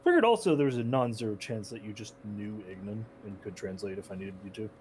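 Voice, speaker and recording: A man voicing a deadpan, unlucky adventurer who shrugs things off in a dry, low-key way. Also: brisk, a little hiss or hum, lightly acted, low-quality recording. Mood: nonplussed.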